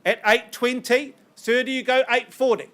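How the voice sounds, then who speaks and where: A man working as an auctioneer, calling bids in a brisk, coaxing patter with banter, his voice strained and getting worn. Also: very high-pitched, fairly even intonation, a bit bright. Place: auction room.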